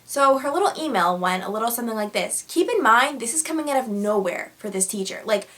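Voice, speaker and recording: Young woman vlogger, a touch high-pitched, chatty storyteller with many fillers. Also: lively intonation, quick pace, fairly bright tone. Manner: chatty, lots of likes and fillers. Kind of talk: casual storytelling.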